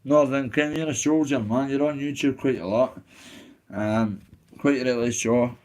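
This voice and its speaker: A man's voice: mid-range voice, a little slow, a little mellow. A Scottish man chatting casually on a live stream, reading out chat messages in a blunt, candid way with plenty of swearing and heartfelt asides.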